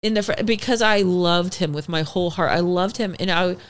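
A young adult woman as a podcast guest, telling stories in casual chat, animated, full of "like" and swearing. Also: lowish voice, a little fast. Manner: animated storytelling with lots of "like" and swearing.

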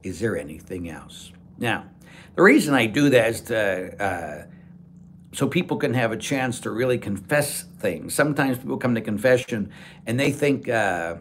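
A man's voice: on the low side, a little hiss or hum. A man who is a Catholic priest, answering viewers' chat questions on a casual livestream in a chatty, rambling, blunt and joking way. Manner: chatty, rambling, with frequent fillers.

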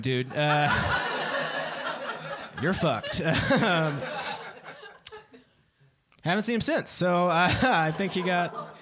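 A man's voice: fairly high pitch, extremely slow, pauses often, noisy background. A man in his twenties doing a stand-up set on a club stage, often laughing at his own jokes. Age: 20s. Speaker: stand-up comedian.

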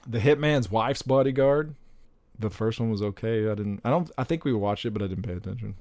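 A young man talks casually and rambles, breaking into excited exclamations. His voice sits low and gravelly with a dark, mellow tone. The recording is dry and close. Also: brisk, no room sound. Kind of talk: casual chat about upcoming movies.

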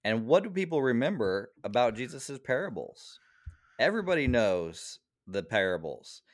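A man's voice: medium pitch, sing-song, normal speed. A man who is a pastor, co-hosting a podcast and explaining scripture in an earnest, preacherly way. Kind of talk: casual Bible study chat.

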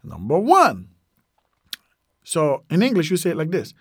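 A man's voice: on the high side, huge pitch swings, a little slow, long pauses, slightly rough, no echo, clean studio sound. A man hosting a podcast, teaching useful phrases casually, repeating each one and using plenty of fillers. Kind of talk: casual language lesson.

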